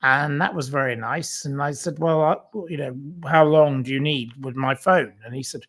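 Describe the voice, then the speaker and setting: A man hosts his own channel in a loose, conversational way, at a middle pitch. He drifts from one aside to the next, filling gaps with ums and restarting his sentences as he tells a long anecdote. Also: steady tone, moderate pace, fairly bright tone. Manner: rambling anecdotal storytelling with many fillers. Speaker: channel host. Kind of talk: casual livestream chat.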